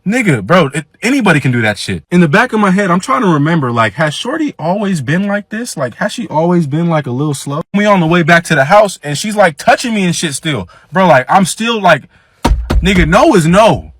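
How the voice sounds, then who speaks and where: A man tells a wild party story, cursing freely and acting out every exchange in his own voice. His voice sits a bit high for a man. The sound is dry and close, with no room echo. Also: a little fast, husky. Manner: profane, animated, quotes people in his own voice. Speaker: storyteller guest. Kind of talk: casual storytelling.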